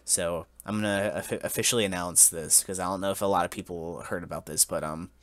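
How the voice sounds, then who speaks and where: A young man in his twenties hosting a casual podcast, telling a mock-solemn story in a halting way, full of restarts and giggles. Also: low voice, fairly even intonation, a bit bright, no room sound. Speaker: podcast host.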